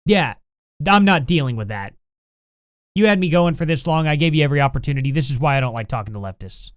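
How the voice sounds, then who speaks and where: A man with a fairly high voice rants through a live stream, sarcastic and combative, and openly angry. His sound is dry and close, with no room in it. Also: animated, fast talker, clean tone, no echo. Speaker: live-stream host reacting to chat. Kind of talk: heated live-stream commentary.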